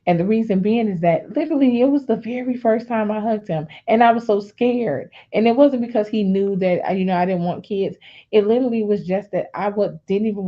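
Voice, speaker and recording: A woman's voice: mid-range voice, highs cut off. A woman sharing a candid personal testimony on a faith talk show, telling her story directly to her listeners.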